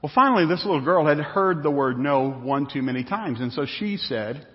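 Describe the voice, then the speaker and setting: A man's voice: on the high side, expressive, normal speed, hardly any pauses. A man preaching a sermon to a congregation in a conversational, storytelling way, recorded in an echoey church with dull sound. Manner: conversational, repetitive, anecdotal. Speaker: pastor. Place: church sanctuary.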